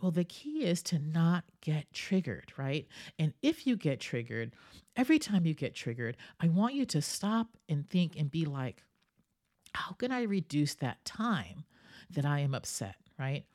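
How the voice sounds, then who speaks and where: A woman's voice: deep voice, sing-song, normal speed, darkish tone. A woman hosting a solo wellness podcast, talking in a coaching way, asking "right?" often and acting out the people she quotes. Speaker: podcast host.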